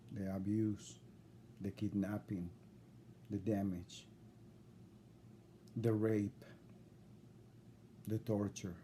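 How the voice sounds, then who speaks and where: Speaking straight to a judge on video, a man representing himself lectures indignantly and circles back to the same points again and again. His voice is low and mellow, with a little hiss or hum in the recording.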